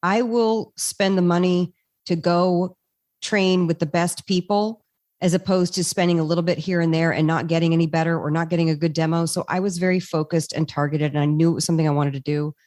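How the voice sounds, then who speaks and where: A woman's voice: on the low side, a little fast, no room sound, clean studio sound. A woman actress and voice actor, talking as a podcast guest and telling stories with energy and frequent laughter. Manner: animated storyteller, laughs often. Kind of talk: casual interview chat.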